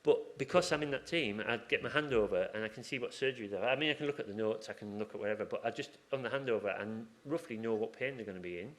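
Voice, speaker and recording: A man's voice: lowish voice, quick pace, few pauses. A man working as a hospital acupuncturist, chatting informally at a conference and acting out conversations from the ward. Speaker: acupuncturist in a hospital surgery team. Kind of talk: conference talk with questions from the floor.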